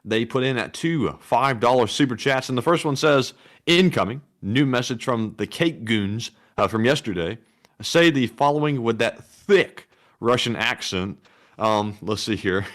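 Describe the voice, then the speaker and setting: An easygoing man co-hosts a casual livestream, reading viewer donations aloud. His voice has a mid pitch and an unhurried, friendly read, broken up by chuckles. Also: lively intonation, fairly bright tone. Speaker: co-host reading viewer messages.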